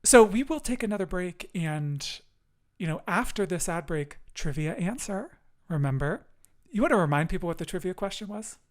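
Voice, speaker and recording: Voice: mid-range voice, expressive, normal speed. A podcast host speaking in an affirming, encouraging and emotive way during a casual chat.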